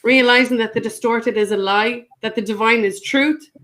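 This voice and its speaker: Woman, a bit high-pitched, thoughtful and hesitant, casual chat on a video call. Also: steady tone. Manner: soft-spoken, reflective, halting. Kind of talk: casual live online chat.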